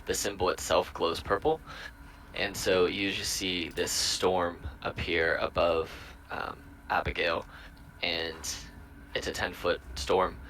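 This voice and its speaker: A man's voice: low voice, flat delivery, takes it slowly, sharp tone, slight background noise. A man playing a tabletop game, vividly describing his character's actions. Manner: vivid, playful action narration. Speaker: player.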